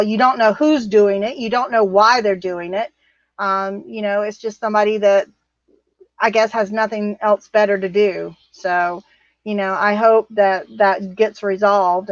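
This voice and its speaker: A woman's voice: mid-range voice, no echo, highs cut off. A woman co-hosting a casual livestream, chatting and reading viewer comments in a rambling, easily amused way. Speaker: livestream co-host. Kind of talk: casual live-stream chat reading comments.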